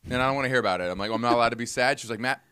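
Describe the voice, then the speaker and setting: A man's voice: mid-range voice, very fast, sharp tone, clean tone, dry recording, studio quality. A man co-hosting a podcast, casually telling a rambling story and acting out both sides of the conversation. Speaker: podcast co-host. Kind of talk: casual chat.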